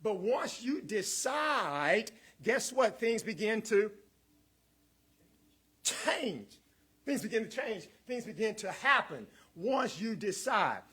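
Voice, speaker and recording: A man's voice: sits high, sing-song, takes it slowly, a bit bright, slightly rough. A man preaching a rousing sermon as guest minister, repeating words, building in waves, calling out to the congregation and chuckling between points.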